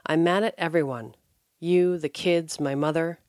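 A woman's voice: low voice, steady tone, normal speed, no room sound, natural voice. A woman voicing an upset mother of three young boys, speaking in a dry, close-up reading voice. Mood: regretful. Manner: cries out, then turns soft and regretful.

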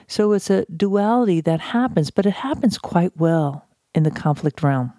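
A woman giving a measured, reflective talk on handling conflict, pausing often and repeating phrases for emphasis. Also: fairly low pitch, expressive, dark tone, dry recording, studio quality. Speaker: speaker on conflict de-escalation. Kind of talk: talk on civility.

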